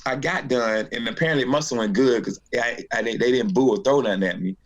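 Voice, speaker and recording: The audio is dull, and this mid-range male voice moves fast. He's a North Carolina comedian and interview guest, telling a story casually while animatedly acting out its characters' voices.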